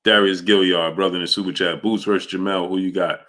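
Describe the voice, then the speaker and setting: A deep-voiced man, hosting a live sports show. His tone is bright and forceful. He rambles casually and greets chat viewers one by one. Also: steady tone, fast. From New York. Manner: rambling, greets chat viewers by name, many filler sounds.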